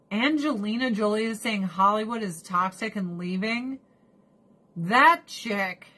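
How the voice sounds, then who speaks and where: A woman's voice: medium pitch, a bit bright, slightly rough. A middle-aged woman streamer chatting casually with her viewers, blunt and profane, ranting with animation.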